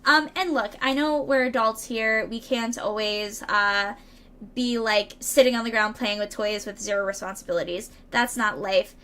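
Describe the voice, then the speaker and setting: A woman with a high voice talking through a live tarot reading. She reads each card's meaning aloud, then drifts into chatty asides to her viewers, stumbling over words and laughing it off. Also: steady tone, normal speed, pushed and bright. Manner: chatty, playful, reads card texts aloud and riffs with chat. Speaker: streamer doing tarot readings.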